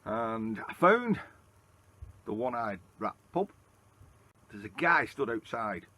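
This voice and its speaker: A man's voice: mid-range voice, very animated, takes it slowly, pushed and bright, slight background noise. Chatty Lancashire man, rambling vlog. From Lancashire, England. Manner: chatty, rambling storyteller with frequent "uh"s. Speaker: travel vlogger. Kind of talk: casual walking vlog narration. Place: outdoors on a town street, then inside a pub.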